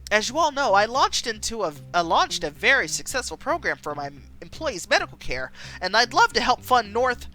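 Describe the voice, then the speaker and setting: Woman plays an evasive male candidate, glib and dodging, lively. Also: fairly high pitch, moderate pace, few pauses, faint music behind, pitched above the performer's own voice. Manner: smooth talk, stammers when cornered.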